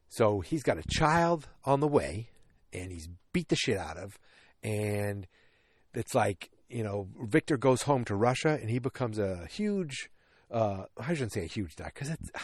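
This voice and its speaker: A man at a middle pitch talks casually on a movie podcast. He rambles, jokes and corrects himself often. The sound is close and dry, with no room to it. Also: big pitch swings, a little slow, no room sound. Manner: rambling, self-correcting, joking asides. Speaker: podcast host.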